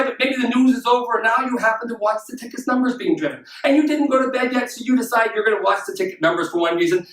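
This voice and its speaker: High-voiced energetic older man motivating. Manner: energetic and emphatic, with rhetorical questions. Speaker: motivational speaker. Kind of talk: motivational talk. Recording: echoey room, voice from far off the mic.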